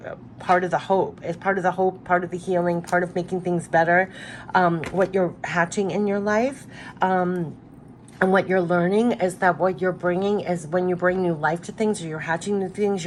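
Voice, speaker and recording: A woman's voice: fairly low pitch, slight background noise. A woman giving a spiritual card reading to her viewers, earnest and repetitive, moved close to tears. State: tearful. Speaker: tarot card reader.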